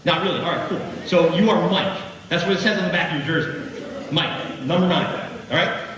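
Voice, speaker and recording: A middle-aged man delivers a motivational keynote, animated and joking, calling out to the audience as he goes. His voice sits a little high for a man. He is picked up from well back in a large hall, with a long, heavy echo and a faint hum of room noise behind him. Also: normal speed. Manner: animated, jokey, talks directly to the crowd. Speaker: keynote speaker. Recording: echoey hall from far off.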